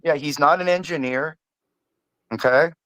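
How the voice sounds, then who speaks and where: A man's voice: on the high side, moderate pace, bright, forceful tone, rough recording. A man on an online panel call, ranting angrily with heavy profanity and stammered restarts. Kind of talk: heated livestream panel argument.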